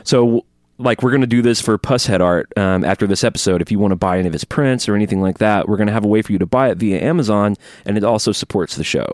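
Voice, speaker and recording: A man's voice: on the low side, fast talker, a little mellow, no room sound, studio quality. A man co-hosting a podcast in casual chat, rambling and joking, recovering from a tooth extraction. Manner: rambling, joking, self-interrupting. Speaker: podcast co-host.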